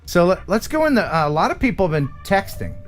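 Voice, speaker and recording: A man's voice: high voice, very animated, fast talker, soft background music. A man from Alabama with an Alabama accent, hosting a live stream chat and laughing often. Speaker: host.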